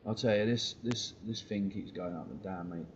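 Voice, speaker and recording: A man's voice: deep voice, normal speed, muffled recording, a little hiss or hum. A man, talking on a live stream in a blunt, slangy way and swearing freely. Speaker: football fan streamer.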